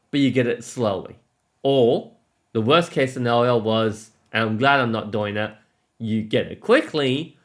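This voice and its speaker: Homem ofegante e empolgado num vlog. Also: male voice, mid-range voice. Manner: breathless, gushing, restarts often. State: out of breath. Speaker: vlogger. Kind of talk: excited travel vlog.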